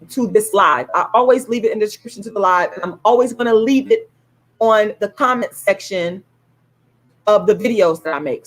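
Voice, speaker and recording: A woman ranting on a livestream, heated and indignant, swearing and repeating herself as she promotes her own show. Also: medium pitch. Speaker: YouTube live streamer promoting her own play. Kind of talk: angry livestream rant, then ticket promotion.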